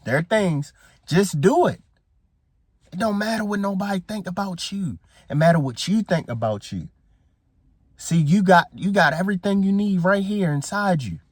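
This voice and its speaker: A man's voice: sits high, animated, moderate pace, slightly rough, dry recording, clean studio sound. A man giving a casual motivational talk as a coach, emphatic and preachy, who repeats his phrases for effect. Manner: casual, slangy speech. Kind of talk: motivational speech to camera.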